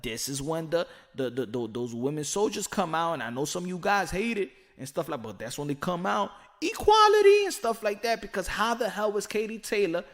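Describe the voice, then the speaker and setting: A man hosting casual boxing commentary, talking in loose, slangy speech. His voice sits fairly high for a man, and he gets animated and repeats words when he gets worked up. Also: fairly quick, hardly any pauses.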